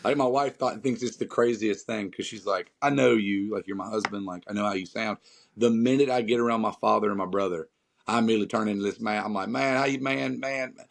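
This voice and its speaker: A musician from North Carolina with a Southern accent is a guest on a casual podcast, talking emphatically and rambling with lots of fillers. He has a lowish, steady voice, talks fast, and shows some vocal fry.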